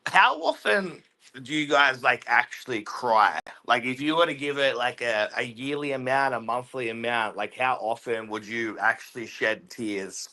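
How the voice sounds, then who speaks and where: A man's voice: medium pitch, normal speed, sharp tone. Curious male podcast host on a call. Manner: curious, asks lots of questions. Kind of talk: casual panel chat. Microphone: video call.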